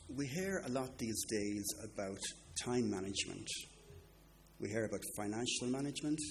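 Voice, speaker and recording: A man with a fairly low voice preaches with earnest emphasis, slowing down for his key points and speeding through his asides. The delivery is steady and measured, like a teaching sermon. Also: slight background noise. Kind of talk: sermon with book recommendations.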